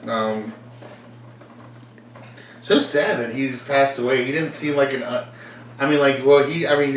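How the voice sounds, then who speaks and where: A young man casually chatting as a podcast host, rambling, laughing often and acting out the voices of people in his stories. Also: mid-range voice. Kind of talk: casual chat. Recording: echoey room from far off, faint noise.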